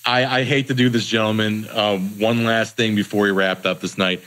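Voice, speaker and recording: A man's voice: fairly low pitch, steady tone, moderate pace, fairly bright tone, rough recording. A man hosting a casual podcast chat, joking with his co-hosts and wrapping up the show. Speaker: podcast host.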